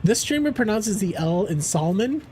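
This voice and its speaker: A playful young man chats with his stream audience while he plays, rambling from joke to joke. His voice sits high. He talks with a lively, swooping lilt. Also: moderate pace, slight background noise. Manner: playful, rambling, answers chat and jokes around. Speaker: game streamer. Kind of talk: casual live-stream chat.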